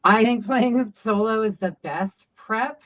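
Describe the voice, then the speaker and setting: A woman's voice: fairly high pitch, slow, poor audio. A woman being interviewed as a game designer, talking casually with many fillers and restarts.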